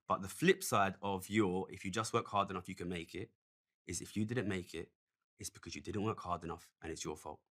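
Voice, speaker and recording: A man's voice: low voice, steady tone, brisk, fairly bright tone. A man telling a story earnestly and emphatically in a played clip, often pressing his point with "okay?". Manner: emphatic, repeats "okay?" and "listen".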